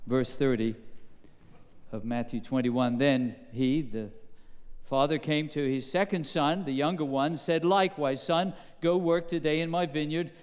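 A man with a high, smooth, resonant voice delivers a sermon, peppering the congregation with questions in an emphatic, animated way. His words ring out with the long reverb of a large hall. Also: measured pace. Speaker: pastor.

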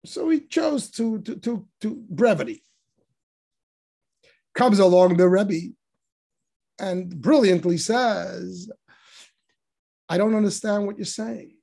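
A man's voice: high-pitched, slow, creaky, pauses often, warm tone. A man teaching a text study class on religious commentary, explaining with emphatic rhetorical questions and rising voice on quotations. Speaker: Torah teacher.

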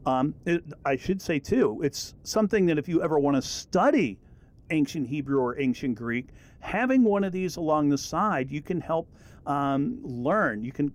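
Man teaching a relaxed rambling lesson. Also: a little high. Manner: relaxed, rambling, many fillers and restarts. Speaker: Bible teacher. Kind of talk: casual recorded lesson.

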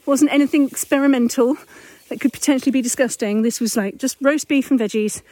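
A woman's voice: sits high, brisk, darkish tone, dry recording. A mother hosting a parenting podcast, talking candidly and chattily while walking up a hill outdoors at dusk. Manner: candid, chatty, self-correcting. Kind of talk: casual reflective monologue.

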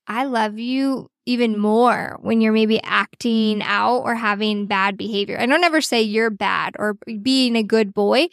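A woman in her thirties hosting a casual podcast chat, telling stories in an earnest, animated way. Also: on the high side, dry recording, clean studio sound. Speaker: podcast host.

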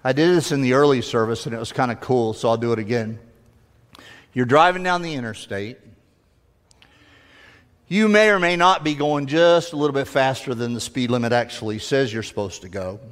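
A man's voice: medium pitch, moderate pace. Preacher man in a reverberant hall. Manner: lively storytelling with humor. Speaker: pastor. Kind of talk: sermon.

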